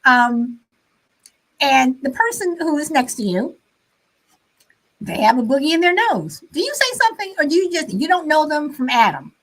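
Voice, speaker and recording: Woman, fairly high voice, live-stream host, casual chat, lots of fillers, reads viewer comments. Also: sing-song, measured pace, pauses often, a bit bright, low-quality recording.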